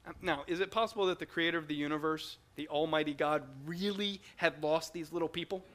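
A man preaching a teaching sermon in an emphatic, animated way, often repeating words as he goes. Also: a little high, a little fast.

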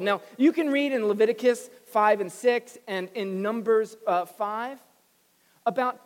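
A pastor delivers a sermon in a middle-pitched voice, animated and expressive, briefly taking on the voices of the people he describes. The sound carries a long reverb, like a big church sanctuary. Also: unhurried. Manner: animated preaching, acting out quoted voices.

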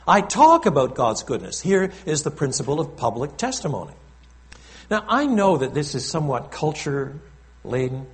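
A male pastor preaches an animated, conversational sermon, often making asides to the congregation. His voice is a little high and fairly quick.

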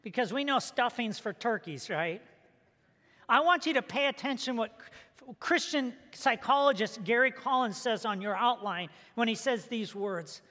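A male pastor giving a sermon. He opens in a soft, prayerful tone, then tells a story and acts out its characters with lively delivery. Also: extremely high pitch, normal speed. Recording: long hall reverb.

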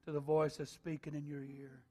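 A man preaching an altar call sermon, reading scripture and building to shouted, sing-song appeals. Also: a little high, monotone, moderate pace, soft background music. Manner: reads scripture in King James wording.

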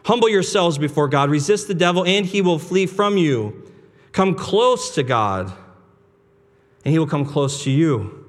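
A pastor preaching a sermon in a casual, conversational way, full of restarts and rhetorical questions. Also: male voice, a little high, lively intonation, measured pace. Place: church sanctuary. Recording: long hall reverb with soft guitar behind. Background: soft guitar music.

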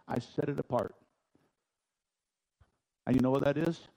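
A man preaching a sermon as pastor in a church, folksy and emphatic, swinging between loud, driving lines and hushed ones. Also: mid-range voice, unhurried, vocal fry, long pauses, low-quality recording. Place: church sanctuary.

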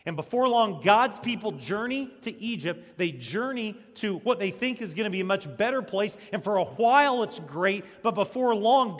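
A male pastor preaching a sermon as dramatic storytelling, swinging between loud passages and hushed ones. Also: sits high. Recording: long reverb of a large hall.

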